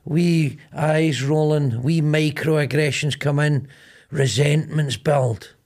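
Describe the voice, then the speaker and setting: Sweary middle-aged Glaswegian man, higher voice. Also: fairly even intonation, takes it slowly, darkish tone. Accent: Glaswegian Scottish. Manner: rambling, sweary storyteller acting out both sides of arguments. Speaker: podcast host. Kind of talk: casual comedic chat.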